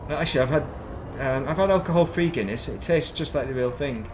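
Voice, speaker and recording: Here a middle-aged man from northern England rambles casually while streaming a space game, chatty and self-mocking. His voice is a little high and fast, with slight background noise.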